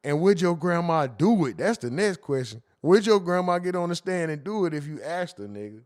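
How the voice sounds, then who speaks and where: A man's voice: on the high side, expressive, brisk, darkish tone. A man hosting a casual livestream, reading chat comments aloud and joking about them.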